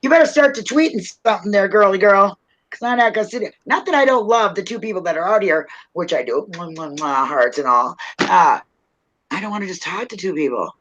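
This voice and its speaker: A woman hosting a live video chat, joking loudly and laughing often. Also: medium pitch, lively intonation, fairly quick, rough recording. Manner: loud, playful, laughs a lot, clowning. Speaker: live stream host.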